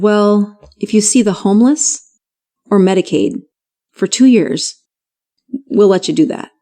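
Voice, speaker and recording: A middle-aged woman physician telling her story in an interview, animated and laughing often as she acts out what people said. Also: lowish voice. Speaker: physician guest.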